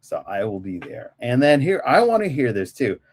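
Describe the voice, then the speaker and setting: A chatty, enthusiastic man from Germany, co-hosting a podcast in casual conversation. His pitch moves a lot, rising and falling as he talks. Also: sing-song, moderate pace. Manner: enthusiastic, chatty, repeats catchphrases. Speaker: podcast co-host. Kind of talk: casual chat.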